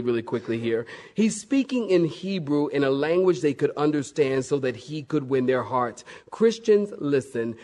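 A male preacher giving a sermon with animated, jokey storytelling. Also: on the high side.

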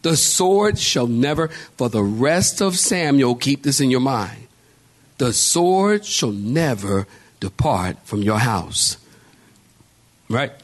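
A man's voice: mid-range voice, sing-song, slow. A man preaching a sermon as pastor, emphatic and calling out to his congregation with repeated exhortations. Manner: calls out to the congregation.

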